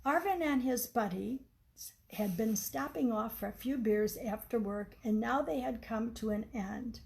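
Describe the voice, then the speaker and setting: A woman reading aloud from her own book in a measured, explanatory way. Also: a little high, gravelly, darkish tone, slight background noise, poor audio. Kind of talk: storybook reading.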